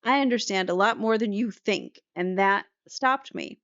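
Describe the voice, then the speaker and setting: A woman voicing a young male defendant, answering cross-examination in a halting, defensive way. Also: mid-range voice, a bit bright, no echo, close to an everyday voice. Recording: slightly muffled dry recording.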